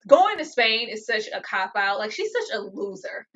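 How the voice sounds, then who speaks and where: Exasperated female co-host, husky and a bit high, dull lo-fi recording. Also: very animated, normal speed, a bit bright. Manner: exasperated, emphatic ranting. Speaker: TV recap co-host. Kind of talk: casual recap chat.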